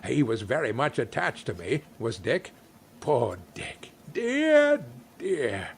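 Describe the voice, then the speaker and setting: A man's voice: mid-range voice, huge pitch swings, takes it slowly, creaky, a little hiss or hum, exaggerated voice. A man reading a story aloud and voicing an old male miser who speaks in eager, wistful exclamations. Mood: excited.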